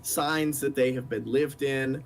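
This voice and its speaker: A man's voice: medium pitch, steady tone, unhurried. A man playing a tabletop game who thinks aloud and hesitates, often restarting his sentences. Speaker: player. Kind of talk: casual tabletop game chat.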